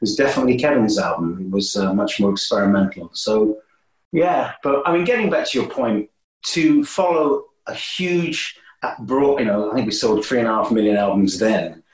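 A man guesting on an interview, telling stories in a lively, animated way with many restarts. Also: moderate pace. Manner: animated, swooping pitch, frequent restarts. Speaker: guest musician. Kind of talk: casual interview storytelling. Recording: roomy echo.

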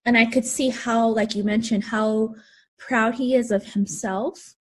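A mother talking casually in an interview, halting and filling pauses as she speaks. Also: a little high, steady tone, breathy edge. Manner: halting, many fillers. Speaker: parent.

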